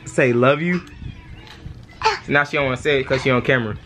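A man's voice: medium pitch, a little fast, noisy background. A young man casually vlogging at home, playfully teasing and talking to his toddler in slangy speech. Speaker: vlogger dad. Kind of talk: casual family vlog. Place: home bedroom.

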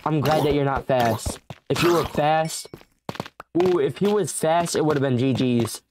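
A man's voice: on the high side, a little slow, noisy background. A young man giving let's play commentary, frantic and pleading as he bargains with the creatures in his game. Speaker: gamer.

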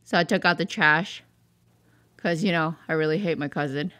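A woman's voice: low-pitched, normal speed, sharp tone, soft background music. A woman voicing a gloomy, destructive male tornado in a cartoon, complaining to his therapist in a whiny, exasperated way. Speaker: therapy patient. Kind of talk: cartoon voice acting.

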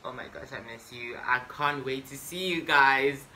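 A man vlogging a casual storytime monologue to camera, excitable and boastful, breaking into sudden loud swearing outbursts. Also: mid-range voice, moderate pace, slight background noise.

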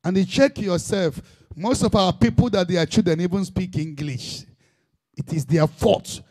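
High-pitched impassioned Nigerian preacher man. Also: measured pace, darkish tone. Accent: Nigerian Igbo. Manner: impassioned, emphatic preaching with repetition. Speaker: pastor. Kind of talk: sermon.

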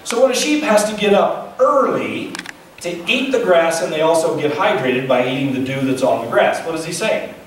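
A man's voice: on the high side, expressive, normal speed, slight background noise. A male pastor preaching a sermon in a folksy, conversational way, asking his listeners questions. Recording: echoey church sound from a distant mic.

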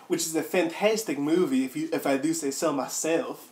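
A man reads aloud in an over-the-top comic style, switching into silly voices and breaking off to comment. His voice sits a bit high and his throat is sore from a week of coughing. The room around him is echoey. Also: normal speed, a little mellow. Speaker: comedic reader. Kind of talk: mock dramatic reading with friends.

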